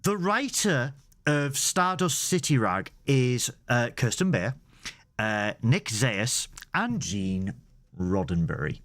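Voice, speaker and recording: A man's voice: medium pitch, expressive, slow, fairly bright tone. A man co-hosting a podcast, teasing his co-host and laughing a lot as he tells stories. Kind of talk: casual chat.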